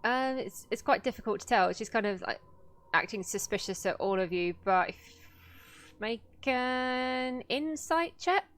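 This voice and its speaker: A woman running a tabletop game, narrating scenes to her players in an unhurried, descriptive way. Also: a little high, lively intonation, a bit bright, clean tone. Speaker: game master.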